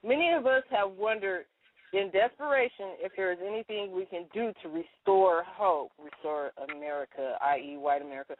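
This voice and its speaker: A woman's voice: medium pitch, expressive, no echo. A woman co-hosting a casual radio chat, calling in from her car and talking in an indignant, ranting way. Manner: indignant, ranting, talks fast. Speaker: co-host. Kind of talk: casual radio chat, reading a letter aloud. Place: in a parked car. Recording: tinny dry phone line.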